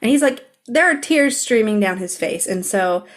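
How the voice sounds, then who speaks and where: A woman's voice: medium pitch, animated, moderate pace. A woman co-hosting a podcast in casual chat, stuffy-nosed from a cold, emotional and swearing freely. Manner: emotional, swears casually, acts out quoted lines. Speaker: podcast co-host.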